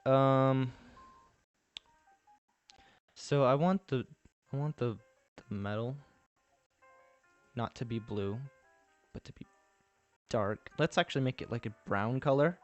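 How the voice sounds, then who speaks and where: A man's voice: mid-range voice, slow, pauses often, muffled recording, soft background music. A man with a Texan accent chatting casually on a live stream, rambling and thinking aloud as he builds and answers viewers.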